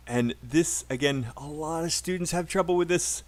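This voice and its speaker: A man's voice: fairly high pitch, normal speed. A man with a British accent teaching a live online English class, chatty and encouraging, drilling phrases aloud for students to repeat.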